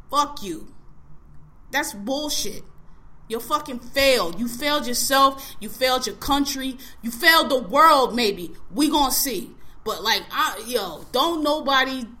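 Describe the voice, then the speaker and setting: Woman podcast co-host, high bright voice, blunt and scolding, swears constantly. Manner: fast-paced, emphatic, keeps repeating a phrase. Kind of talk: profane ranting monologue.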